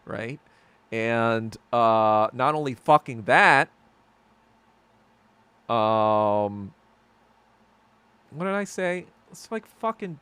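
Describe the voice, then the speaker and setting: A man hosting his own podcast in a solo rant, profane and heated, swinging between loud outbursts and low muttering. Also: clean tone, dry recording. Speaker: podcast host. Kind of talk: solo ranting monologue.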